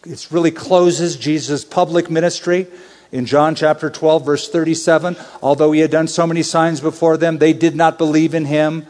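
At a normal speed, a man with a fairly high voice teaches the Bible in an expository sermon, shifting from a relaxed, chatty tone to urgent, emphatic appeals. The long reverb of a large hall echoes around his words.

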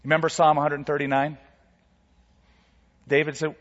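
A male pastor preaching a sermon, swinging from loud, dramatic quotes down to soft, quiet asides. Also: lively intonation, moderate pace. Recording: reverberant hall, dull low-fidelity sound.

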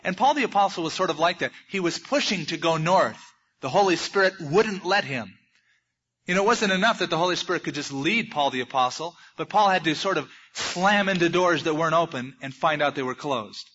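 A man's voice: fairly high pitch, lively intonation, fairly quick, fairly bright tone, muffled recording. A man preaching a sermon, telling a scripture story in a folksy way with humorous asides. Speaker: pastor.

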